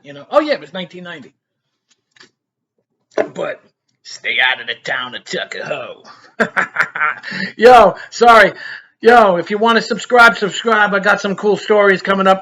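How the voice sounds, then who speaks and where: Chuckling between lines and repeatedly saying "you know," a man in his 50s who vlogs wanders through a personal anecdote. His voice is high-pitched, bright and forward.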